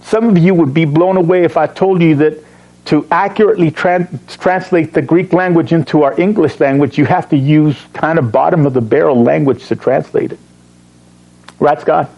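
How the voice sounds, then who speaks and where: A man's voice: fairly high pitch, darkish tone, dull audio. Emphatic man teaching Bible study. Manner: emphatic, slows to read verses, joking asides.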